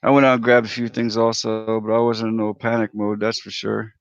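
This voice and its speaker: A low, very gravelly man's voice in easy livestream chat, greeting viewers by name. The sound is dry and dull, like a lo-fi home setup. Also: little pitch movement, brisk, dry recording. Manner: laid-back, chatty, greets viewers by name. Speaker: livestream host.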